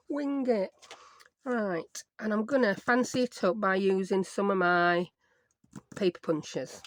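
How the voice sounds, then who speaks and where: A woman's voice: mid-range voice, slight background noise. A woman, chatting casually through a craft tutorial, talking to herself as she works and joking at her own expense. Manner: chatty, self-mocking, talks to herself while working. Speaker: crafting YouTuber.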